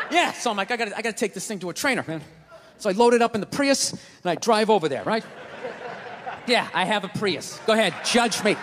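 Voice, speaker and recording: A man performing a stand-up comedy routine, ranting in exasperation and shouting his punchlines. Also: very high-pitched. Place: comedy theater stage. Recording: live hall reverb, crowd laughter and noise.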